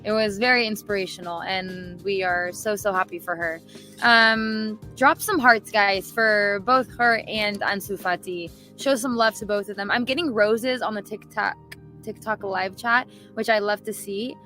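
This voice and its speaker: A woman's voice: medium pitch, unhurried, sharp tone, faint music behind, poor audio. A woman co-hosting a casual live-stream chat, upbeat and chatty with many fillers. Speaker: co-host. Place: studio.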